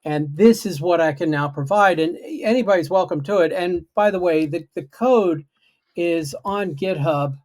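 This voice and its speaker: A man's voice: fairly high pitch, moderate pace, a little mellow. Chatty man with a raised voice. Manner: chatty, self-deprecating. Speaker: guest programmer. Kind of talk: casual livestream talk.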